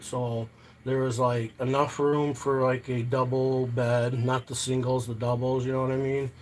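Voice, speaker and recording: A man's voice: medium pitch, slight background noise. A middle-aged man telling a story on a live stream in a loose, profane, rambling way, often asking "you know what I mean".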